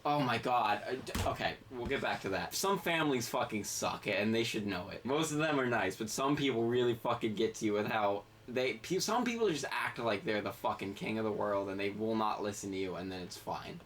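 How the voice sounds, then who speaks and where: A man's voice: fairly low pitch, expressive, fairly quick, hardly any pauses, a bit bright. A man telling a long anecdote in casual chat, rambling and profane, often cutting himself off mid-sentence. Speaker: game podcast co-host. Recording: distant mic with faint background noise.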